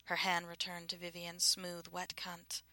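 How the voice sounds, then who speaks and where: Hushed, breathy woman narrator. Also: fairly low pitch, completely flat delivery, a little slow, dry recording. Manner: hushed, breathy, often half-whispered. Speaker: audiobook narrator. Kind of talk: scripted narration.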